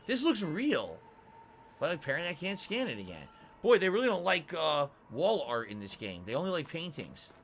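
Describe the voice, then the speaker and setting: A man's voice: on the high side, wildly swooping pitch, moderate pace, slight background noise. A man livestreaming a video game, chatting playfully and commenting on what he sees. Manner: chatty, playful, thanks viewers. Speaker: game streamer.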